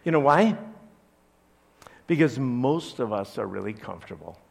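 A man's voice: mid-range voice, expressive, moderate pace, gravelly, slightly rough. A man from Chicago, a pastor, preaching a conversational sermon to his church with joking asides. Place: church service.

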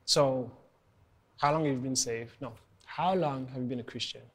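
A woman hosting a casual interview, asking lively, teasing questions. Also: extremely low pitch, moderate pace, husky. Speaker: host.

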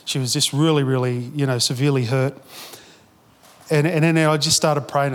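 A man's voice: fairly high pitch, flat delivery, moderate pace, big-room sound. A man preaching a sermon as a pastor, telling stories in a casual, chatty way with restarts and quoted asides. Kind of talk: sermon storytelling.

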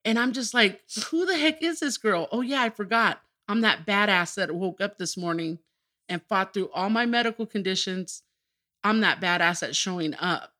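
Candid and emotional, a middle-aged podcast guest recounts her own story, her words punctuated by laughter. Her medium-pitched voice is bright and forceful, moving at a moderate pace.

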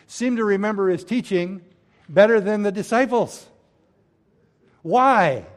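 A man delivering a sermon in a fairly high voice. He preaches emphatically, pushing key phrases out loudly and then sinking into soft, hushed lines. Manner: emphatic preaching, swinging between loud stresses and hushed drops. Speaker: pastor.

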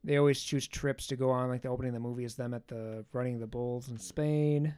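A man's voice: mid-range voice, steady tone, quick pace, darkish tone, clean tone. A man hosting a podcast, casually recapping a movie in a loose, profane way with joking asides. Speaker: podcast host.

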